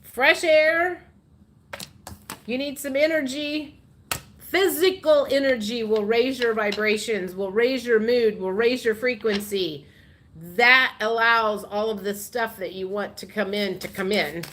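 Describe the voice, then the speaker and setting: A woman's voice: fairly high pitch, measured pace, fairly bright tone, slight background noise. A woman hosting a casual tarot livestream, chatting and reading viewer comments aloud, laughing often.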